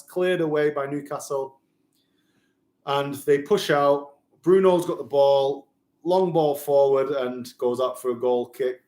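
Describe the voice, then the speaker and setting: A man's voice: a little high, darkish tone, roomy sound. A man giving live, opinionated fan commentary on a football match for a watch-along stream.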